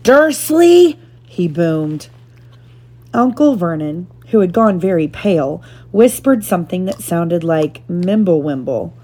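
A woman reading a chapter book aloud to her child in a steady, gentle narrating manner. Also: on the low side, moderate pace, few pauses, breathy edge.

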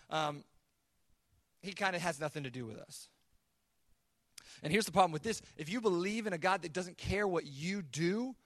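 Man pastor preaching, earnest, slightly high voice, dry close sound, repeats words as he builds up. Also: a bit bright, dry recording. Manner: acts out God's voice in quoted asides. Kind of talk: sermon.

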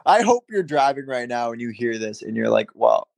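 A man's voice: mid-range voice, very animated, a little fast, gravelly, dry recording. A young man from Massachusetts, a podcast co-host telling stories in casual chat with lots of laughter and swearing. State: day drinking.

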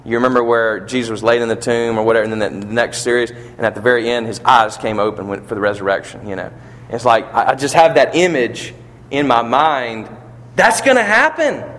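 A man's voice: mid-range voice, fairly quick, fairly bright tone. A man preaching a sermon, building to emphatic peaks and asking rhetorical questions, in a church or funeral hall. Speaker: pastor. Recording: long reverb of a large hall.

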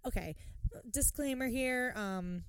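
A woman co-hosting a podcast, chatting casually and swearing freely as she recaps a TV episode with animated retellings. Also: fairly high pitch, slow pace, smooth, dry recording. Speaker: podcast co-host. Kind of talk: casual chat recapping a TV show.

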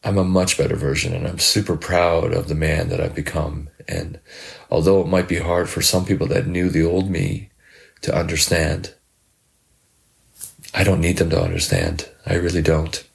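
A middle-aged man, low-pitched and gravelly, reflects sincerely as a podcast host and life coach. His monologue stumbles along, repeating words frequently.

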